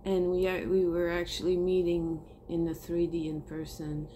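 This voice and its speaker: This woman's lowish voice is warm yet monotone, moving at a moderate pace over slight background noise. As a spiritual vlogger, she speaks earnestly and emotionally to viewers in a heartfelt monologue, casually dropping swear words.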